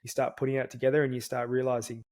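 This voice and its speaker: An earnest man shares a personal story as a podcast guest, his voice level and steady with little rise or fall. He talks in a casual, reflective way, often starting a word twice before going on. His pitch sits in the middle for a man. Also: rapid-fire. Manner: earnest, restarts words often.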